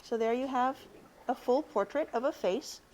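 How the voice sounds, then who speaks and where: A woman's voice: high voice, moderate pace, darkish tone, a little hiss or hum. A woman teaching an art lesson, explaining it step by step.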